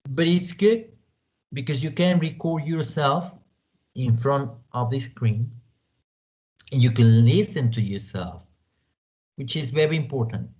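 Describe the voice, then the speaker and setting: A man from Mexico teaching an online language class, speaking deliberately and often dropping in "you know" as a filler. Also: medium pitch, a little mellow. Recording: dull lo-fi audio.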